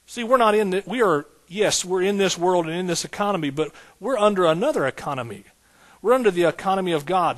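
A man's voice: high voice, animated, quick pace. A man preaching a sermon as pastor, building points through rhythmic repetition and folksy asides.

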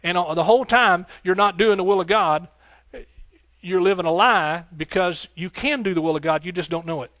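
Male preacher, slightly high voice, dry close sound; rhythmic and fervent, folksy with the flock. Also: normal speed, dry recording. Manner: fervent and rhythmic, with repeated phrases and shouts of hallelujah; folksy, talking directly to the congregation. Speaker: pastor. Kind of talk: sermon.

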